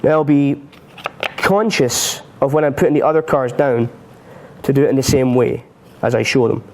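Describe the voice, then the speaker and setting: Man, magic tutorial on a live stream, chatty, jokes at his own expense, laughs a lot, ordinary middle pitch. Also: fairly even intonation, normal speed, a little mellow. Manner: chatty and self-mocking, laughs often. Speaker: magic instructor.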